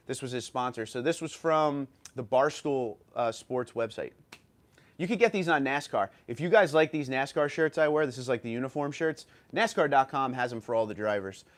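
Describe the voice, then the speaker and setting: A man's voice: medium pitch, moderate pace. Chatty New York man hosting a livestream. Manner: chatty, thinking aloud with fillers and restarts. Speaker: livestream host. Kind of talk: casual livestream chat reading viewer comments.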